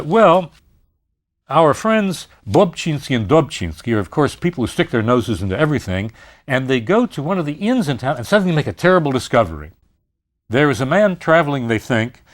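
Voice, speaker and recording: A man giving a university lecture on literature, telling the story in an animated way with frequent "uh" fillers. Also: mid-range voice, normal speed.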